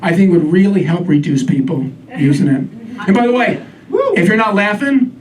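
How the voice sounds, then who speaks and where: A man doing a stand-up comedy set on a club stage, wry with deadpan asides. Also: high voice, moderate pace. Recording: distant mic, live crowd laughter.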